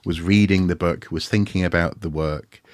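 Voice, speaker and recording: Low-voiced man telling a story. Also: steady tone, normal speed, no echo, studio quality. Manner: rambling storyteller, self-mocking, frequent restarts. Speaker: podcast co-host. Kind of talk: casual anecdotal chat.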